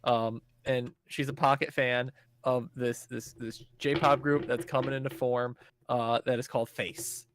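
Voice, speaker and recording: A man's voice: mid-range voice, steady tone, a little slow, crowd noise. A man co-hosting a podcast, giving a rambling, casual recap of a show, laughing and swearing freely as he talks. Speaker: podcast co-host.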